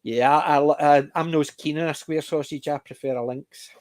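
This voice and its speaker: A man's voice: fairly high pitch, steady tone, normal speed, darkish tone. A middle-aged Scottish man hosting a casual panel chat, rambling through stories with frequent restarts. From Scotland. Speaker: panel host.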